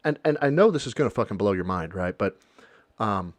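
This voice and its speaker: A man's voice: fairly low pitch, animated, fairly quick, no room sound. A man reacting to a video on his stream, making sarcastic and profane rambling asides. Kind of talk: casual reaction commentary.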